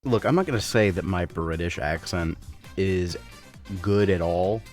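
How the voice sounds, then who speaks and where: A man's voice: low voice, a little slow, darkish tone, soft background music. A young man giving casual, joking and self-mocking anime review commentary.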